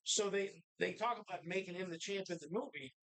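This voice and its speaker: A man co-hosting a live podcast from a bar, telling stories in a loose, profane, animated way. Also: high-pitched, brisk. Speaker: podcast co-host. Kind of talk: casual bar chat.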